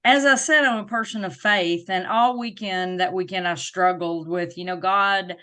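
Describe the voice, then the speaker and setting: Bright-voiced Southern woman telling her story. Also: fairly low pitch, fairly even intonation, normal speed. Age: middle-aged. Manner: warm, emphatic, faith-filled storytelling. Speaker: guest, disability advocate. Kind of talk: personal storytelling interview.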